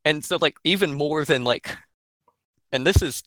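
A young man from Georgia with an Atlanta Southern accent talks politics casually on a podcast. His voice runs on the high side at normal speed, and the sound is dry and close with no room ambience. He's blunt, profane, and animated as he tells stories.

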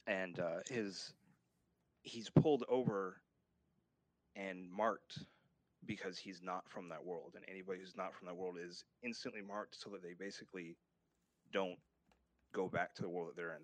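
A man's voice: deep voice, steady tone, normal speed, no room sound. A man, a guest author, talking casually in an interview, rambling a little with fillers and restarts.

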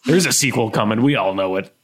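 A man hosting a casual movie podcast, jokey and quick to throw in silly bits. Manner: jokey, breaks into high silly voices. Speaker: podcast host.

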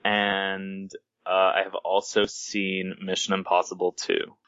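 A low-voiced man co-hosting a casual movie podcast, jokey and emphatic. The sound is dry and close, with a dull lo-fi quality. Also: monotone, slow pace, a bit bright, clean tone, dry recording. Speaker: podcast co-host.

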